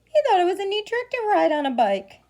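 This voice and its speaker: A preschool teacher reading a picture book aloud to young children, pausing for gasps and questions along the way. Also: female voice, very high-pitched. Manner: animated storytelling with gasps and questions.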